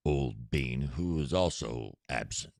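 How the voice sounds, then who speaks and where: A man with a very low voice trading wry jokes on a podcast. His pitch still moves around with some life. The sound is dry and close. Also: lively intonation, slow, creaky, dry recording. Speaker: podcast co-host. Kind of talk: casual chat.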